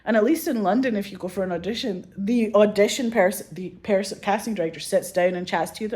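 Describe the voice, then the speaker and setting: A woman's voice: mid-range voice, brisk, hardly any pauses, darkish tone. A woman, a filmmaker talking candidly in a casual interview, swearing freely and leaning on "like" as she acts out quoted voices. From Scotland. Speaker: filmmaker guest.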